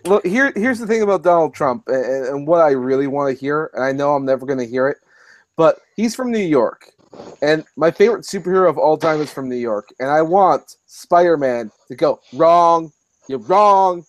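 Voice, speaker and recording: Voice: medium pitch, animated, brisk, no echo. Emphatic joking co-host, dry sound. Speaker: podcast co-host. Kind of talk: casual bar chat.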